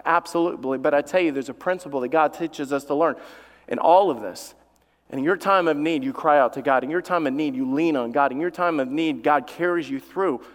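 Man, pastor, sermon, impassioned, repeats for emphasis, slightly high voice, long hall reverb. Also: a little fast. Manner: tells family stories from the pulpit. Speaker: lead pastor.

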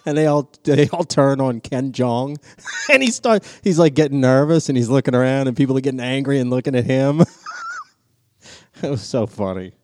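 A man co-hosting a podcast in casual chat, an animated storyteller who acts out scenes and laughs as he goes. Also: mid-range voice, moderate pace, dry recording. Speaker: podcast co-host.

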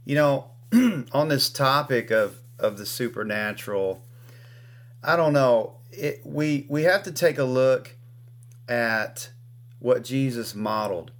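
A host of a faith talk show, teaching in a slow, measured way and affirming the guest with soft murmurs. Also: mid-range voice, lively intonation.

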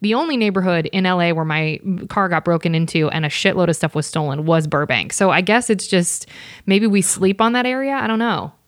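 A woman's voice: on the low side, no echo. Female host, conversational and encouraging, close dry mic. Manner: supportive, reacts with quick exclamations. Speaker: podcast host. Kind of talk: casual interview chat.

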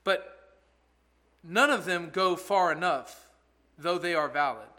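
A man's voice: high voice, takes it slowly, sharp tone. A male pastor giving an expository sermon in an earnest, conversational way, asking rhetorical questions.

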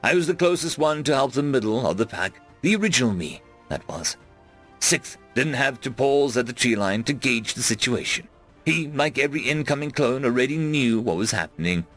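A man narrating a web serial chapter aloud in first person, reading expressively with big dramatic swings and shouting out the dialogue. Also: medium pitch, very animated, moderate pace, soft background music. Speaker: audiobook narrator.

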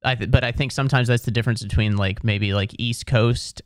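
A man's voice: mid-range voice, fairly even intonation, brisk, smooth, dry recording, studio quality. A male comedian and podcast host from the Midwest, talking in an easygoing, self-deprecating way. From American Midwest. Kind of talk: casual chat.

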